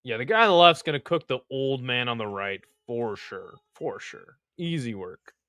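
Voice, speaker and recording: A man's voice: mid-range voice, expressive, normal speed, bright, forceful tone, dry recording. A young man hosting a live stream, giving casual play-by-play in a laid-back, slangy way and chatting with viewers.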